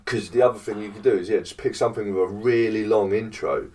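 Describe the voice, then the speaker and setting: A man's voice: lowish voice, fast, darkish tone. A man hosting a casual podcast chat, rambling and sweary in his talk. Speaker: podcast host. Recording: distant mic with faint noise.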